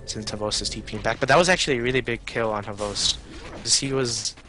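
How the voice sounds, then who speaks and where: A man giving color commentary on a game over a choppy internet call, pausing and restarting often. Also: medium pitch, sharp tone, a little hiss or hum. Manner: halting, restarts and filler words. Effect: choppy internet call audio. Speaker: esports co-caster.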